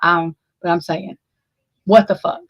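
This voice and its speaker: A woman's voice: on the low side, steady tone, a little slow, no echo, poor audio. A woman giving unscripted true crime commentary, heated and emphatic, swearing freely and repeating herself. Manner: heated, profane, emphatic and repetitive.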